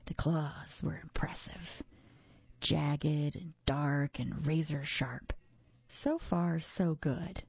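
A woman reading a children's story aloud with lively expression. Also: deep voice, slow pace, creaky, slightly rough, dry recording, highs cut off.

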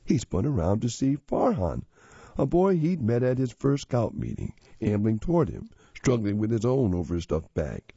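A man narrating a children's story in a steady, expressive reading voice. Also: medium pitch, moderate pace, breathy edge, dry recording. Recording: slightly dull lo-fi audio.

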